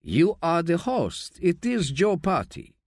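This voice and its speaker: A man voicing a morose, sullen local man who speaks slowly and sulkily. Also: fairly high pitch, sing-song, a little mellow, dry recording, studio quality, voice pushed up, full character voice.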